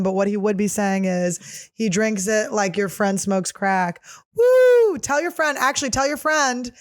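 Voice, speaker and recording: A woman in her thirties hosts a solo podcast, spilling rambling stories full of swearing and quick jokes. Her voice sits at an ordinary middle pitch. The sound is dry and close, with no room around it. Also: no echo. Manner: profane, rambling, jokey storytelling. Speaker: podcast host. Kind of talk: casual solo podcast monologue.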